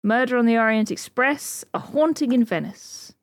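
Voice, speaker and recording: A woman's voice: a little high, animated, normal speed, no echo, clean studio sound. A woman co-hosting a podcast in casual chat, rambling and giggly with lots of fillers. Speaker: podcast co-host.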